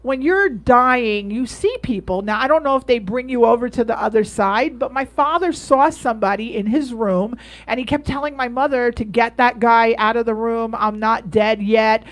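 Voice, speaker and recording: Talk-show co-host: high-voiced woman, animated, laughing, circling back to the same phrase. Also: moderate pace. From Yonkers, New York. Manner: animated storytelling with frequent laughter and repeated phrases. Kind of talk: casual late-night chat.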